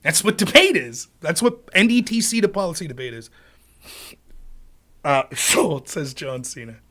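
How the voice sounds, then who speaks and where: A man hosting a livestream, talking casually and profanely, sometimes bursting into sped-up rapid-fire talk. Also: a little high, big pitch swings, sharp tone. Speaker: livestream host.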